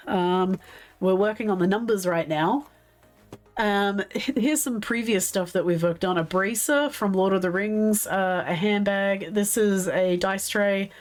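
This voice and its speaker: Hoarse Australian woman chatting on stream. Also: medium pitch. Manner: chatty and giggly, reading out chat. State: hoarse, losing her voice. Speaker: stream co-host and moderator. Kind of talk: casual livestream chat.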